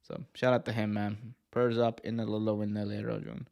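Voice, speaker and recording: A man's voice: lowish voice, little pitch movement, fairly quick, vocal fry, a little mellow. A man hosting a casual wrestling news podcast, rambling, joking and correcting himself as he goes. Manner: rambling, self-correcting, jokey. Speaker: podcast host.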